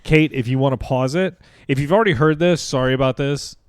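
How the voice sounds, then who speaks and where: A man's voice: mid-range voice, fairly quick, clear, resonant tone, dry recording, studio quality. A man co-hosting a podcast, telling a story in a rambling, joking way. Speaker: podcast co-host. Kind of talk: casual chat.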